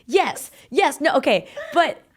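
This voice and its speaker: A woman's voice: sits high, sing-song, slow. A young woman hosting a casual podcast chat, telling stories in a chatty way, full of "like". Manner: chatty storytelling, frequent filler "like". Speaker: podcast host.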